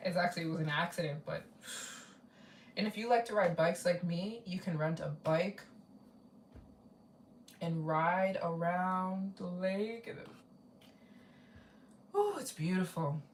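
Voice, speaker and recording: Woman, travel vlogger, rambling live-stream host, lowish voice, roomy room sound. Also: takes it slowly, pauses often, far from the mic, slight background noise. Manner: rambling, repeats herself, reads out donations. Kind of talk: casual live-stream chat.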